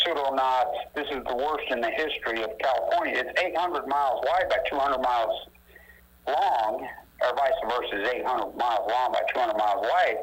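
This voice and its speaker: A man talking as an activist guest in a casual phone conversation, animated and emphatic, ranting with rising indignation. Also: medium pitch, rough recording. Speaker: anti-nuclear activist guest.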